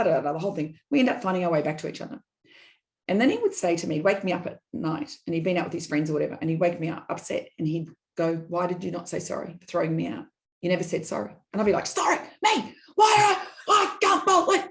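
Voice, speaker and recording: A middle-aged woman, a podcast guest, telling personal stories in an animated, digressive way and acting out quoted dialogue. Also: fairly low pitch. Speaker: guest, business consultant. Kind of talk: candid personal storytelling in a podcast interview.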